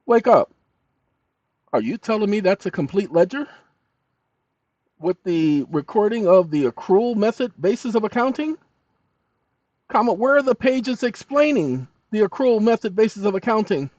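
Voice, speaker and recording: A man's voice: sits high, moderate pace, pauses often, no room sound. Fired-up man scolding a chatbot. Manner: animated, scolding, talks to the chatbot and viewers. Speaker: channel host. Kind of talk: casual screen-recording commentary. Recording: dull dry lo-fi mic.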